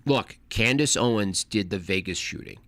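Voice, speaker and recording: A man streaming casually, reacting to a video with sarcastic, mocking commentary that swings between loud jabs and mumbled asides. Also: fairly low pitch, animated, moderate pace, no room sound.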